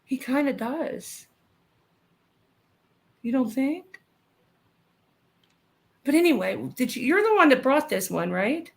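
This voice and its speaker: A woman in her thirties co-hosts a casual podcast, her voice pitched fairly high. She chats freely and giggles often. She rattles off stories quickly. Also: big pitch swings, vocal fry. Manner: chatty, giggly, tells stories fast. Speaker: podcast co-host. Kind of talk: casual chat reading live comments.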